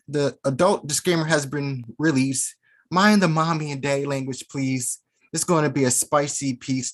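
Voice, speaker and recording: A man performing a spoken word poem at an online open mic, theatrical and deliberate. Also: fairly high pitch, a bit bright. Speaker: poet performer.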